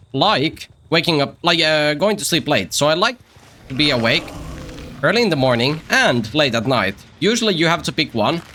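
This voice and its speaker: A man's voice: fairly high pitch, pushed and bright, slight background noise. A man streaming a game, rambling and joking to himself and the other players as he plays. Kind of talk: casual live-stream gameplay commentary.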